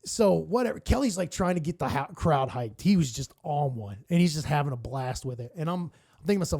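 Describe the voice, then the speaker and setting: A man who co-hosts a morning radio show, a guest telling animated, profane stories and acting out quotes in casual chat. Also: fairly high pitch, fast talker, creaky. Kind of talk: casual storytelling.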